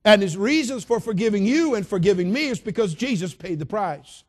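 A male pastor delivering an emphatic, repetitive sermon, dropping soft and then building loud. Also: high voice, animated, fairly quick.

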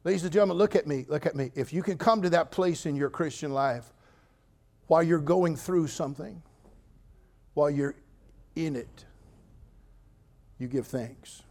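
An older man preaching a sermon as pastor, telling funny stories with sudden loud outbursts, then speaking more quietly and earnestly. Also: fairly high pitch. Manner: humorous, animated storytelling with sudden loud outbursts. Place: church.

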